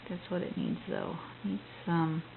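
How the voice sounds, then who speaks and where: A woman with a lowish, gravelly voice chats her way through a drawing lesson, thinking aloud and often restarting her sentences. The sound is thin and tinny, like a phone line, with a faint hiss underneath. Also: sing-song, moderate pace. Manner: chatty and rambling, with frequent restarts. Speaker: drawing instructor.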